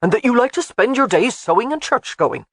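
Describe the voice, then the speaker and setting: A narrator voicing a blustering, fond old Highland man in an audiobook, blunt and scolding. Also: expressive, brisk, a bit bright, no echo, clean studio sound, exaggerated voice. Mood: teasing. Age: older. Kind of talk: audiobook character voice.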